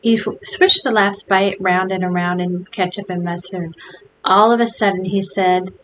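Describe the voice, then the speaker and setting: A woman reading a children's novel aloud, expressive and shifting voices for the characters. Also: medium pitch, normal speed, a little hiss or hum, low-quality recording. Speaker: storybook reader.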